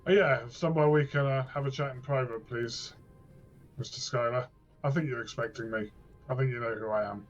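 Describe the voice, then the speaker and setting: A man's voice: mid-range voice, fairly even intonation, brisk, dull audio, faint music behind. A man playing an investigator in a tabletop role-playing game, firm and blunt in his questioning. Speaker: player. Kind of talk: in-character tabletop role-play.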